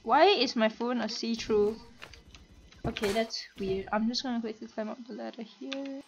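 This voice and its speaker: A woman with a stuffy nose and a slight cough talks through her gameplay in a chatty, excitable way, laughing often. Her voice sits a little high. The recording is dull and lo-fi, with a faint hiss underneath. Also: normal speed. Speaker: gamer and streamer. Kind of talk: casual gameplay commentary.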